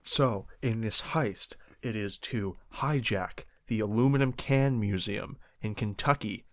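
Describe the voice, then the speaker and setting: A man's voice: fairly low pitch, unhurried, no echo. A young man from Canada, a podcast co-host, improvising a silly story in a rambling, joking way with many restarts.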